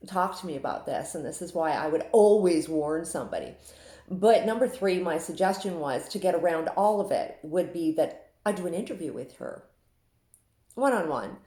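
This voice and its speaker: A woman's voice: on the low side, darkish tone. Woman from saskatchewan chatting and confiding, laughs a lot, roomy echo. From Saskatchewan, Canada. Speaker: Facebook group admin. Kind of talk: casual monologue. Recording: echoey room.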